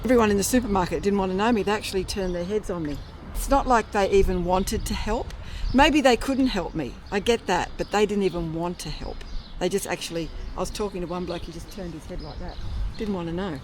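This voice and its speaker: A woman's voice: medium pitch, a little fast. An Australian woman vlogging casually to camera from her motorbike, chatty, blunt and wry. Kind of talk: casual chat to camera while riding. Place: on a motorbike on open roads outdoors. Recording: loud road and wind noise on a riding mic.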